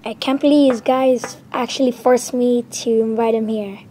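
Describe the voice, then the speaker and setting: A woman's voice: on the high side, fairly even intonation, normal speed, mellow, slight background noise, lightly acted. A woman voicing an annoyed, sensible male hedgehog in a homemade plush-toy comedy skit, always questioning the others. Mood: exasperated. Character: exasperated male blue hedgehog, the sensible one.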